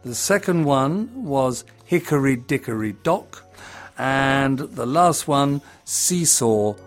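A man speaking casually, chatty and relaxed, with the odd "um" and a few restarts along the way. Soft music plays faintly behind him. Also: medium pitch, takes it slowly. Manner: chatty, with fillers. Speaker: presenter. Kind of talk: casual spoken talk.

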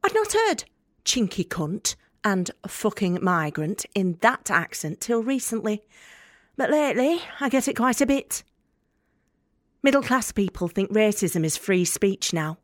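A woman's voice: mid-range voice, lively intonation, measured pace, no room sound, clean studio sound, lightly acted. An actress with a Northern English accent plays a young, angry, working-class woman student in a radio drama monologue, speaking in a sardonic, blunt and profane way. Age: young adult.

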